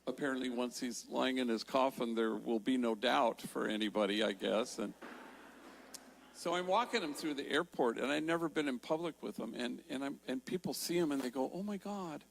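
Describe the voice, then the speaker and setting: An older man giving a storytelling talk in a large church, slowing down to stress key words. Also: medium pitch, gravelly, rough recording. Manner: warm storytelling, slows for emphasis. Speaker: Jesuit priest and speaker.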